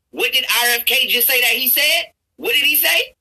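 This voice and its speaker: A man YouTuber in an angry, profane rant, stammering and restarting his words and building up to shouts. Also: very high voice, normal speed, low-quality recording. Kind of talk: angry ranting commentary over a played clip.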